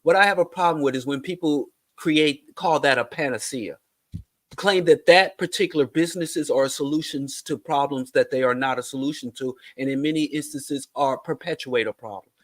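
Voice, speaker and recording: Male guest, slightly raised pitch, dry sound, emphatic and argumentative. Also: moderate pace, dry recording. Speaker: podcast guest. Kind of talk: casual podcast discussion.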